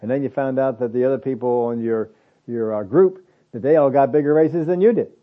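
A man preaching a conversational sermon, slowing down to repeat his key phrases for emphasis. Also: medium pitch. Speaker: pastor. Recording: phone-like narrow band.

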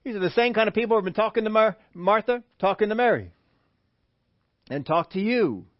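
A man preaching a sermon, animated, who acts out the voices he quotes. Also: high voice, fairly quick, no echo, dull audio. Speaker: pastor.

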